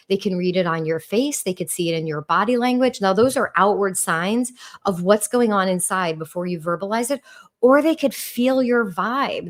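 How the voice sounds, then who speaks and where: A middle-aged New Yorker with a New York accent works as a relationship coach and talks on a podcast. Her mid-range voice is warm and calm, with intonation that rises and falls.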